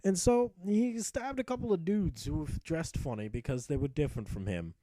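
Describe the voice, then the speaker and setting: A man's voice: fairly high pitch, lively intonation, normal speed, warm tone, dry recording. Sarcastic man narrating gameplay. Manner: sarcastic, profane, joking asides. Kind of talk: mock-epic gameplay narration.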